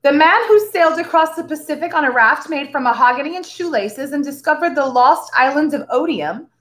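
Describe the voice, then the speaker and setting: A woman voicing a rich, bored, easygoing gentleman with breezy upper-class politeness in a storybook reading. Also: sits high, expressive, fairly quick, pitched above the performer's own voice. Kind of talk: read-aloud storytelling.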